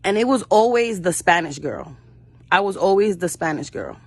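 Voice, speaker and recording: A woman's voice: lowish voice, lively intonation, moderate pace. Blunt, fiery woman telling stories. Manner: blunt and fiery, with frequent cursing; acts out quoted voices of her mother and others. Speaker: actress interviewed as guest. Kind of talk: passionate storytelling in an interview.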